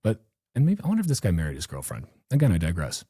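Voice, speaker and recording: Deep, husky-voiced man ranting casually. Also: wildly swooping pitch, rapid-fire, warm tone, no room sound, studio quality. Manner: profane, rambling, self-mocking. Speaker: podcast host. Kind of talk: casual live-stream monologue.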